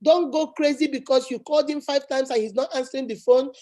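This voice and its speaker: A woman's voice: high voice, brisk, mellow. A woman hosting a talk show, giving emphatic advice and driving her points home. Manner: preachy, emphatic, repeats points. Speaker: channel host. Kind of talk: advice chat.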